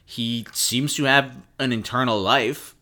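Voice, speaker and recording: A man's voice: mid-range voice, fairly even intonation, measured pace, pushed and bright. A man co-hosting a podcast, chatting casually, rambling and swearing enthusiastically. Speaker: podcast co-host. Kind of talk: casual chat.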